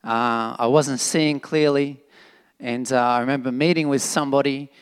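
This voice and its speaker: A man preaching a sermon in an animated, emphatic, conversational way, with fillers and restarts. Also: mid-range voice, normal speed, clear, resonant tone. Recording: long reverb of a hall.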